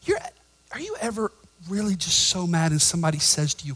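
A high, bright-voiced pastor preaching. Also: male voice, very animated, fairly quick, breathy edge, rough recording. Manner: emphatic preaching that swings between shouts and quiet asides; jokes with the congregation. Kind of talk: sermon. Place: church.

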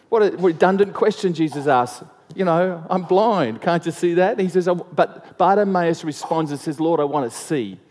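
A man's voice: a little high, dark tone. A middle-aged male pastor preaching a conversational sermon, repeating phrases and acting out the voices he quotes. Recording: long hall reverb.

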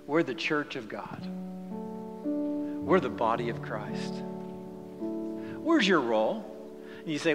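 A male pastor preaching in a church sanctuary, his voice dropping to near-whispers and then climbing into loud, ringing calls to the congregation. A long reverb trails each phrase, and guitar music plays underneath. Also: mid-range voice, sing-song, measured pace, long pauses. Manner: swings from hushed near-whispers to loud, rising exhortation. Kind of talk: sermon.

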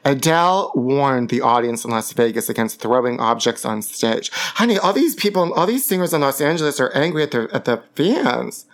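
A man's voice: medium pitch, animated, moderate pace, few pauses. A man hosting a gossip podcast from his apartment, theatrical and camp, calling listeners honey. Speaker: podcast host. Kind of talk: campy gossip chat. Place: home apartment. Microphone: podcast microphone.

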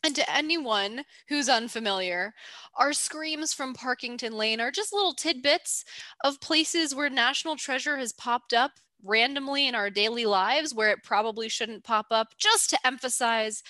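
A woman co-hosting a casual podcast, upbeat and quick to laugh. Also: fairly high pitch, pushed and bright, no echo. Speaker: podcast co-host. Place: DC area.

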